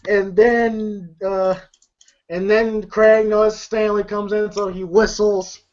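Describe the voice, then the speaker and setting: A movie reviewer retelling a film's scenes in a casual, excited way, swearing freely and repeating words as the story tumbles out. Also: mid-range voice, slow pace. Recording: dull lo-fi recording.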